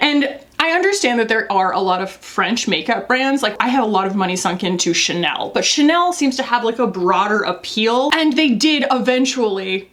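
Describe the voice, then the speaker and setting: A young American woman talks through her makeup in a loose, candid, chatty way. Her voice sits a little high for a woman, and she laughs often as she goes. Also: animated, normal speed, a bit bright. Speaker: beauty vlogger. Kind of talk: casual makeup review.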